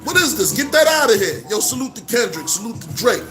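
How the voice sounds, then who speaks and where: High-voiced Brooklyn man giving shout-outs. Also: fairly quick, music in the background. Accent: New York, Brooklyn. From Brooklyn, New York. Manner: animated, repetitive shout-outs and street slang. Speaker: vlogger. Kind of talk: casual direct-to-camera monologue.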